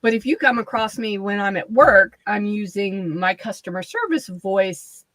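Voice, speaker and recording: A woman's voice: medium pitch, expressive, moderate pace, a bit bright, a little hiss or hum. A woman with a Virginia accent, chatting casually about voice acting on a gaming stream. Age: older than the others. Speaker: player on a tabletop game stream. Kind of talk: casual chat.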